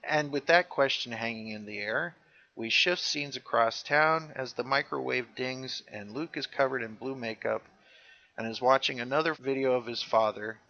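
Man, podcast co-host, bright forceful voice, animated, muffled lo-fi audio. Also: mid-range voice, normal speed. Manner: animated, jumps into character voices when quoting. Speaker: podcast co-host recapping a show. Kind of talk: casual chat, retelling scenes with quoted lines.

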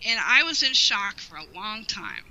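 Woman guest, very bright voice, heartfelt and rambling, emotional storyteller. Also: medium pitch, big pitch swings, moderate pace, muffled recording. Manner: heartfelt, rambling with frequent "you know". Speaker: guest, longtime fan. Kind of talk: personal storytelling in an interview.

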